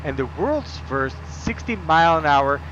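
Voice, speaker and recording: A man voicing an overexcited male theme park announcer in a booming, drawn-out promo delivery. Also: animated, highs cut off, background noise. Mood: hyped.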